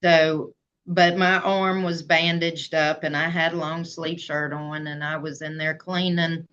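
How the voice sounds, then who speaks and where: A woman's voice: sits low, little pitch movement, a little slow, fairly bright tone, clear, resonant tone. A woman, telling her own story plainly and earnestly as an interview guest. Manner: earnest, plain-spoken, voice rising when emotional. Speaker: guest, memoir author. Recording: slightly dull lo-fi sound.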